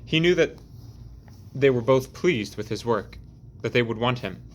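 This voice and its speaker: A man narrating an audiobook chapter in a measured, deliberate reading. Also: mid-range voice, lively intonation, slight background noise. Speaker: audiobook reader.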